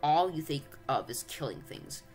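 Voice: medium pitch, animated, normal speed, a little mellow, faint music behind, natural voice, low-quality recording. A reader voicing a blunt, reproachful young girl in a storybook reading. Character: sharp-tongued young girl.

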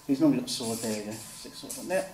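Speaking rapid-fire at a medium pitch, this man's voice is a little mellow. He's an author-illustrator walking through a drawing one step at a time, chatty throughout, and voicing kids' responses himself, recorded from a distance in a roomy space with faint background noise.

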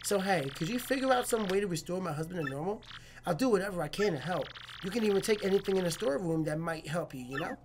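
A woman's voice: fairly low pitch, lively intonation, quick pace, background noise, close to an everyday voice. A woman reading the lines of a distressed village shopkeeper whose husband was cursed, from a video game. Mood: distraught. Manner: reading game dialogue aloud. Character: upset village shopkeeper wife.

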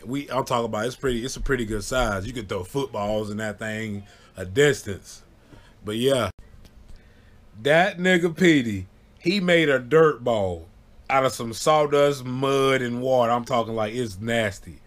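Animated male storyteller, casual delivery with loud high yelps on quoted lines. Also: a little slow.

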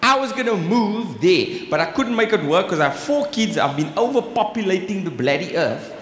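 A man's voice: high voice, big pitch swings, normal speed, a bit bright. A man from Cape Town with a South African accent doing live stand-up comedy, chatty, often asking "right?" and tossing in "bruh". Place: large exhibition hall on stage. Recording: echoey live hall, faint ambience.

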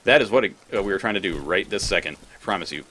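A man's voice: low voice, expressive, fast talker, pushed and bright, a little hiss or hum. A man commentating his gameplay, rambling, thinking aloud and swearing freely. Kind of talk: let's play commentary.

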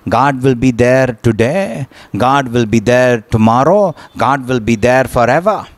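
A man's voice: mid-range voice, a little slow. A male pastor preaching a sermon, often asking "right?" and repeating words as he goes.

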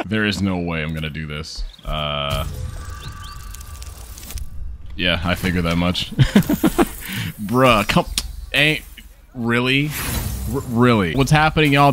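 A man's voice: low voice, unhurried, long pauses, fairly bright tone, a little hiss or hum. A tired young man commenting on his gameplay, joking, cursing and laughing often. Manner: profane, joking, laughs a lot. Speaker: gaming streamer.

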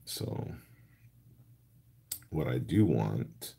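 A man with an extremely deep, gravelly voice hosts a crafting livestream. He talks slowly and earnestly, narrating each step and replying to viewers by name. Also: very animated, mellow. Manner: chatty, answers viewer comments by name; talks through his hands-on steps. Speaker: card-making livestream host. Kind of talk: casual livestream chat while crafting.

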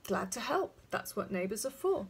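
A woman's voice: medium pitch, very animated, moderate pace, a little hiss or hum. A woman voicing a kind, polite male hedgehog neighbour in a children's storybook reading. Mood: kindly. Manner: polite, friendly.

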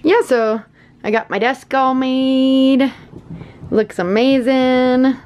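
A woman's voice: sits high, extremely slow, dull audio. A woman vlogging casually with a gushing, giggly enthusiasm, first at home and then from her car. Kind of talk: casual vlog chat.

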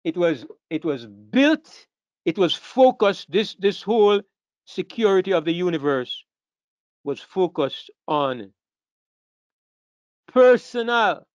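A man's voice: high-pitched, animated, unhurried, a little mellow, dry recording. A man preaching a sermon with an emphatic manner, asking rhetorical questions and repeating key phrases. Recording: dull dry lo-fi sound.

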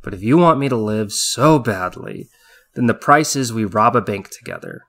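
A man's voice: on the low side, normal speed. A man doing a weary, blunt war veteran. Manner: flat, blunt and insistent. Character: weary suicidal male army veteran.

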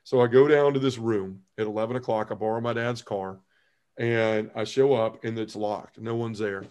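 A man, a podcast guest telling his personal conversion story in an earnest, halting way, often restarting his phrases and dropping his voice at heavy moments. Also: fairly even intonation, darkish tone. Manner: earnest storytelling, halting restarts, drops low when emotional.

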